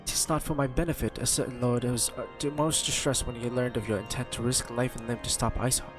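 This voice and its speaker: A stately noble knight lord speaks in formal, old-fashioned phrasing, as a man reads his lines aloud from a game. The voice sits at an ordinary middle pitch. Faint music plays underneath. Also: fairly even intonation, quick pace, close to an everyday voice. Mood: courteous. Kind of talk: reading game dialogue aloud in character.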